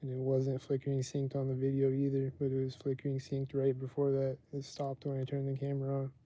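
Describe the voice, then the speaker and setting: A man's voice: medium pitch, completely flat delivery, fairly quick, mellow, no echo, muffled recording. A man hosting his own livestream podcast, talking casually and rambling with lots of "like" fillers. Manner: rambling, heavy use of "like". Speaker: livestream host.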